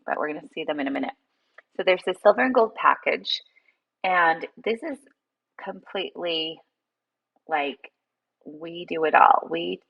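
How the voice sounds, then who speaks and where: A woman's voice: sits low, vocal fry, breathy edge, highs cut off. A woman giving an informal walkthrough of company products, talking with many fillers and small restarts. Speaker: product presenter.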